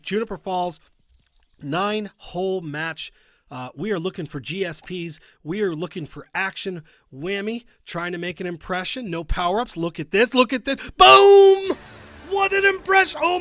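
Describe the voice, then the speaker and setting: Excitable man calling golf game matches. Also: high voice, no echo. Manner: excitable, bursts into shouts at big shots; chatty, jokey asides. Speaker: commentator. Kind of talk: video game play-by-play commentary.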